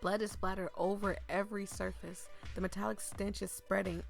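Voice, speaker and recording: A woman reading a story game aloud, breaking off into excited, chatty asides, and losing her voice. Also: mid-range voice, normal speed, creaky, soft background music. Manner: excitable, chatty asides between read lines. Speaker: gaming streamer. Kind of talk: reading a visual novel aloud with live reactions.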